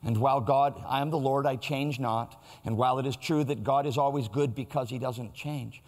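A man's voice: mid-range voice, steady tone, moderate pace, darkish tone, long reverb tail. A man preaching a sermon in a church, in a conversational, storytelling way. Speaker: pastor.

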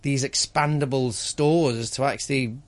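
A man's voice: mid-range voice, steady tone, moderate pace. An enthusiastic man talking casually on a radio show, his sentences full of restarts and fillers. He sounds eager and talkative. The sound is close and very dry, with no room echo. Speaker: guest cook.

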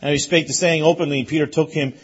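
A man preaching a sermon as pastor, emphatic and repetitive, rising to loud peaks. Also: a little high, steady tone, quick pace, slightly rough, highs cut off. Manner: emphatic, repeats phrases, rises to loud peaks.

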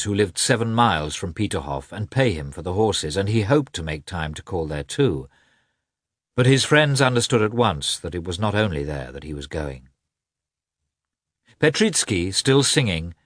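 A man narrating a classic novel as an audiobook, in an expressive, measured way. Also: low-pitched, dry recording, clean studio sound.

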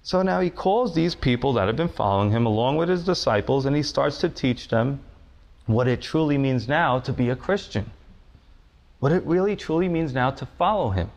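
A man's voice: mid-range voice, animated, moderate pace, a little mellow. Man preaching in a chatty sermon. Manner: conversational, many fillers and restarts. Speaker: pastor.

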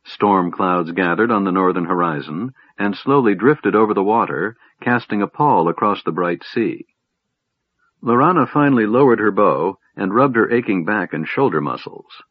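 Male audiobook narrator, low and husky, dry dull lo-fi recording. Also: expressive, moderate pace, dry recording. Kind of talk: scripted fantasy narration.

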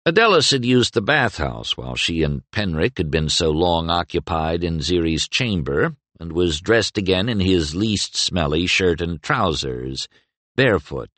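A man narrating a fantasy audiobook in a measured, expressive manner. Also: deep voice, no echo. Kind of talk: scripted narration.

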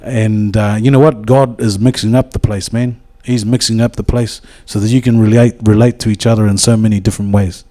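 New man, low and warm, rambling devotional talk with lots of hesitations. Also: steady tone, a little fast, hardly any pauses. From New Zealand. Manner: rambling, with many hesitations and restarts. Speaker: speaker at a church gathering.

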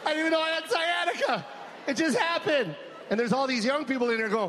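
A man doing a stand-up comedy set, loud and animated, laughing at his own jokes. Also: extremely high pitch, fast talker, very noisy. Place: live comedy venue with audience.

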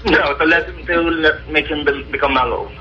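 A man's voice: a little high, steady tone, moderate pace, bright, forceful tone. A man calling in to a radio show, telling his story in a hesitant, apologetic way over a muffled line. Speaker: caller.

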